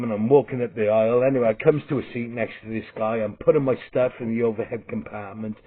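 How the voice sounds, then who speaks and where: Husky Welsh man ranting. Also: mid-range voice, steady tone, fast talker, hardly any pauses. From Wales. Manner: blunt and sweary, with restarts. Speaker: vlogger and comedian. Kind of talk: rambling comic storytelling monologue. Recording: tinny phone-like sound.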